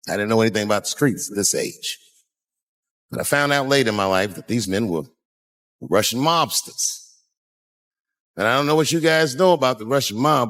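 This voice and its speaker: Male comedian, profane animated storyteller, very lively pitch, stand-up set.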